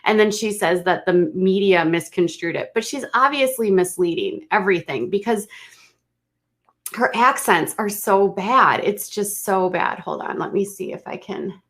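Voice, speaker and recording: A woman's voice: medium pitch, lively intonation, unhurried, fairly bright tone. A woman giving casual, snarky, exasperated commentary on a livestream.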